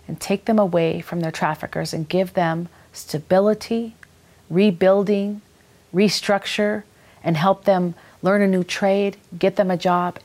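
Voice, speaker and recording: A woman's voice: fairly low pitch, darkish tone. A woman with a Minnesota accent hosting a faith-based talk show, speaking in an earnest, enthusiastic, preacherly way. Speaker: ministry talk show host.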